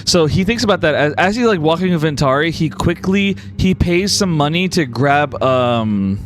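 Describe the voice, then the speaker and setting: A man's voice: a little high, expressive, normal speed, slight background noise. A man narrating a tabletop role-playing game as game master, loose and full of restarts.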